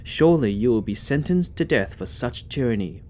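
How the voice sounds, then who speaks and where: A man's voice: mid-range voice, animated, normal speed, a little mellow, lightly acted. A man voicing a stern male palace guard in a storybook reading, barking and scornful.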